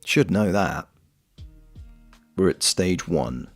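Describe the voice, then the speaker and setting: A man's voice: deep voice, expressive, slow pace. A young Welsh man with a Welsh accent, chatting casually and jokily while knitting on a stream, swearing freely. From Wales. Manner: rambling, jokey, swears freely. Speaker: streamer and voice actor. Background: faint lo-fi music.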